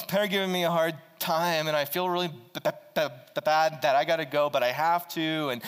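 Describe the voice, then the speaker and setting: A man preaching a sermon as a pastor, telling a personal story in an animated way, with frequent restarts and stammers. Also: fairly high pitch, in a large hall. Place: church.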